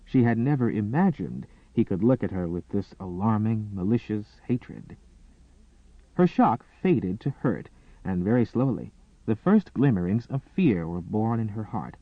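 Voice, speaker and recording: Dramatic male narrator for a period romance; animated delivery, thin phone-like audio. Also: on the low side, unhurried, no echo. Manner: expressive, dramatic reading. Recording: dry, tinny phone-like sound.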